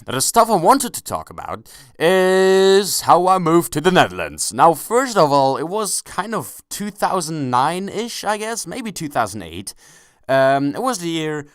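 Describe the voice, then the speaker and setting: A young man talks loosely over his gameplay, jumping between thoughts and correcting himself mid-sentence. His voice is smooth and clear, with a bouncy, animated pitch. The sound is dry and close, with little room echo. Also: measured pace. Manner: rambling, self-correcting, swears casually, jokey. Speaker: gaming commentator. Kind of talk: casual gameplay commentary. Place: at home, kneeling without a chair.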